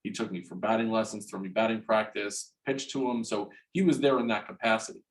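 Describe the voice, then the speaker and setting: A man in his forties from New Jersey, a guest in an interview, telling a personal story frankly and haltingly, restarting and repeating words and swearing freely. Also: fairly low pitch, fairly even intonation, low-quality recording. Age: 40s.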